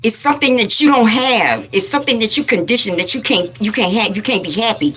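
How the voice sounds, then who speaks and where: A woman hosting a spiritual livestream, scolding viewers and repeating herself for emphasis in a rapid-fire way. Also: fairly high pitch, expressive, a bit bright. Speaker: livestream host.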